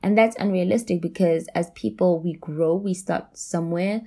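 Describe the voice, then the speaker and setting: A woman hosts her own self-help podcast in a low, gravelly, mellow voice. She talks casually and encouragingly, often repeating a phrase for emphasis and laughing between points. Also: steady tone, moderate pace, few pauses. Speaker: podcast host.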